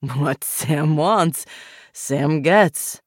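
A woman's voice: sits low, drawn-out words, no echo, studio quality, full character voice. A woman voicing a drunk man who rambles and pleads in a loose, unsteady way. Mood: drunk, rambling.

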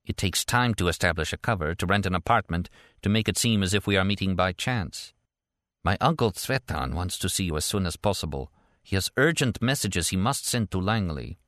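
A man's voice: animated, moderate pace, fairly bright tone, dry recording, studio quality. A man doing a murmuring thin spy contact. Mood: conspiratorial. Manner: low, murmured.

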